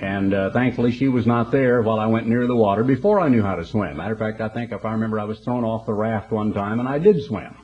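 A man's voice: on the low side, quick pace, hardly any pauses, muffled recording. A man preaching a broadcast sermon in a folksy, conversational storytelling manner.

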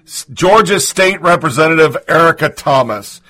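A man's voice: a little high, expressive, moderate pace, sharp tone. A man hosting a commentary show, reading listener messages and news with a sarcastic edge. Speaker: host.

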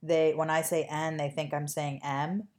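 A woman's voice: low voice, little pitch movement, normal speed, darkish tone. A woman with a non-native English accent co-hosting a podcast in casual chat, rambling with lots of fillers and dry jokes. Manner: rambling, filler-heavy, joking. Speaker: podcast co-host.

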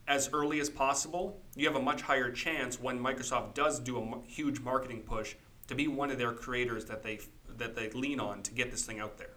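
A man's voice: mid-range voice, steady tone, fairly quick, sharp tone. A man co-hosting a casual gaming podcast who gives confident, practical advice in an easygoing way. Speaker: podcast co-host.

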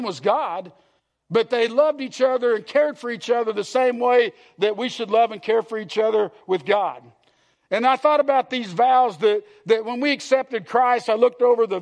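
A man preaches a sermon from the pulpit in a church, his voice pitched unusually high. He talks earnestly, repeats phrases and throws questions out to the congregation. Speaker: pastor. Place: church sanctuary.

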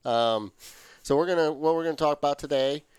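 A man's voice: a little high, brisk, darkish tone, clean tone, no echo. A man hosting a casual sports podcast, trading easygoing, joking banter with his brother. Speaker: podcast host.

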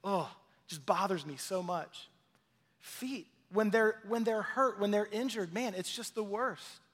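A man's voice: sits high, unhurried, a bit bright, long reverb tail. A man preaching a sermon as pastor, talking in a conversational way with personal stories and direct questions to his listeners.

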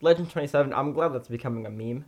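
A man's voice: medium pitch, rapid-fire, very noisy. A young man co-hosting a podcast in casual chat, rambling with lots of fillers and restarts. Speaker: podcast co-host.

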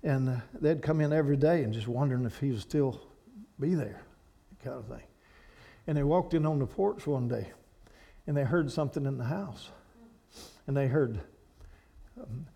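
This Kentucky guest speaker, Appalachian in accent, delivers a storytelling sermon with folksy charm. His high-leaning voice is expressive and creaky, and he keeps a moderate pace.

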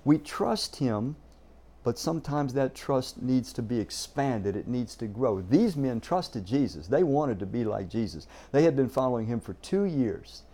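A man preaching a sermon, earnest and emphatic, often doubling a word as he starts a thought. His voice is warm and mellow in tone, with pitch in a middling range for a man. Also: expressive, a little slow. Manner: earnest, emphatic, repeats words when starting sentences. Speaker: pastor.

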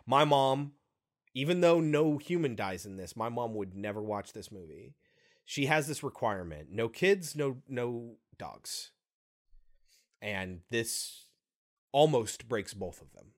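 A man co-hosting a podcast, chatting casually about a film in an animated, profane way with quick asides. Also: mid-range voice. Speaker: podcast co-host.

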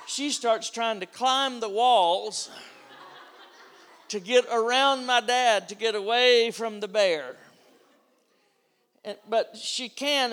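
A man's voice: high voice, fairly bright tone. An older man preaching a sermon, telling a family story and acting out the voices of the people in it.

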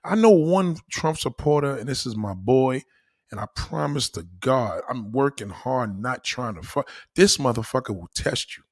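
A man delivering a crude, profane comedic rant to his viewers, swinging between low mutters and loud high exclaims. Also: lively intonation, normal speed. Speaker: vlogger ranting to camera.

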